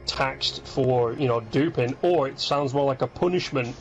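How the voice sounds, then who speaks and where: A man co-hosting a casual gaming chat, sleepy and rambling, breaking off mid-sentence to act out quick impressions. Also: mid-range voice, highs cut off, soft background music. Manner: rambling, self-interrupting, animated impressions. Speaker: podcast co-host.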